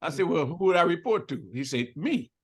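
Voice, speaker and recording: A man's voice: a little high, lively intonation, fairly quick, husky. An older man telling a story in an interview, acting out both sides of the dialogue and laughing often. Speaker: interview guest.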